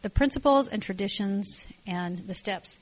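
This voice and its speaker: A middle-aged woman speaks to a support group in a thoughtful, searching way. Her voice sits at a middle pitch, and she often pauses, restarts and adds "um"s. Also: low-quality recording. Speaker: support group member sharing. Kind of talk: personal testimony at a group meeting. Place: meeting room with a group.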